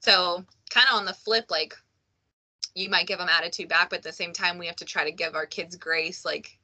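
A woman's voice: on the low side, fairly even intonation, moderate pace, sharp tone. A woman hosting a podcast, chatting frankly and joking, swearing casually. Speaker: podcast host. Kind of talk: casual conversation.

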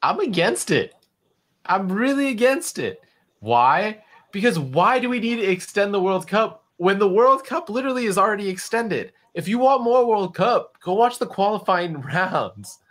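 Lively, argumentative man co-hosting a chat show. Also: high-pitched, normal speed. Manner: animated, argumentative, laughs while talking. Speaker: podcast co-host. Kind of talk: casual debate chat.

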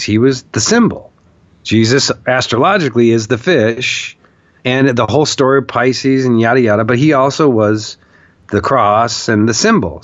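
A man recounting a vision in a podcast interview, animated and profane, acting out the quotes he tells. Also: mid-range voice, no room sound, muffled recording. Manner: animated storyteller, swears, acts out shouted quotes. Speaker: podcast guest, documentarian. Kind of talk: storytelling in a long interview.

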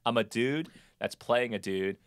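A man's voice: medium pitch, a little slow, dry recording, studio quality. A man in casual conversation about movies, laughing often and sharing film trivia.

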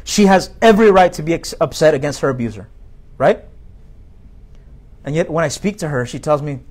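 Man preaching in a slightly high voice. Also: animated, moderate pace, long pauses, a little mellow, husky. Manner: direct, conversational preaching with rhetorical questions. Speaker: pastor. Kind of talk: sermon.

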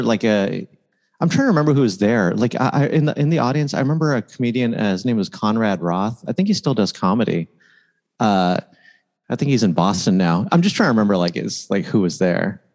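Comedian guest, man, thirties, lowish voice, rambling and laughing through stories. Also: expressive, normal speed, darkish tone. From United States. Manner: laughing, loose storytelling with many "like"s. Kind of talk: casual chat.

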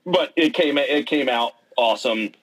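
A man being interviewed, telling stories in a casual, animated way with lots of fillers and restarts. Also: mid-range voice, moderate pace, low-quality recording. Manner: animated storytelling, acts out quotes, many fillers and restarts. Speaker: interview guest, pennant maker and player.

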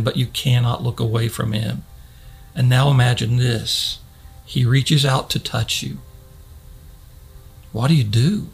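Male pastor, mid-pitched, husky with gravel. Earnest sermon delivery with slow, dramatic pauses.

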